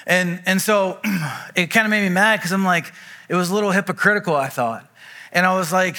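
A man preaching a sermon as pastor, telling stories in a conversational way with quick asides. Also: sits high, sharp tone, big-room sound. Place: church auditorium.

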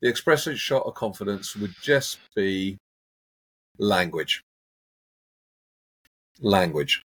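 A man, a hypnotherapist, talking in a casual interview and acting out everyday examples in an animated, coaching way. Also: lowish voice, takes it slowly, long pauses, husky. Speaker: hypnotherapist guest.

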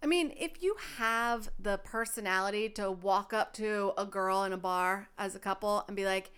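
A woman's voice: mid-range voice, normal speed, a bit bright, clean tone. A woman talking as a podcast guest from her living room over a remote call. She speaks frankly and bluntly about her own life. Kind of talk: candid casual chat.

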